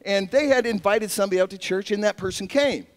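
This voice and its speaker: Male pastor, sermon, high voice, long echo of a gym, animated storytelling, self-mocking humor. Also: quick pace.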